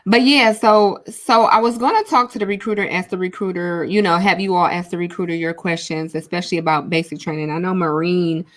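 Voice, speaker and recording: A woman's voice: lowish voice, steady tone, fairly quick, hardly any pauses. A young woman hosting a casual livestream on a large studio mic, chatting with viewers and reading out their comments. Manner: chatty, reads out viewer comments, says y'all often. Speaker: livestream host.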